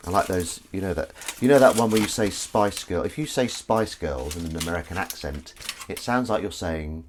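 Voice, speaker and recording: An English man with a low voice hosts a casual livestream at a moderate pace while washing up, reading viewers' chat messages aloud and joking in a playful, rambling way. Dishes and cutlery clatter noisily in the background.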